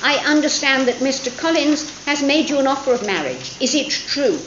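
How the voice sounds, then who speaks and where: A woman reading as a wry, rueful older gentleman. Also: sits high, expressive, moderate pace, reverberant, muffled recording, noisy background, voice pushed up. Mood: dryly ironic.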